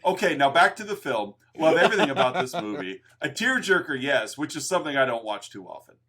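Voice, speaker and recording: Male co-host, bright tone, animated delivery, quick to laugh in casual film chat. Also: mid-range voice, slight background noise. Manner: laughs often, animated and joking. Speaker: podcast co-host. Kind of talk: casual movie review chat.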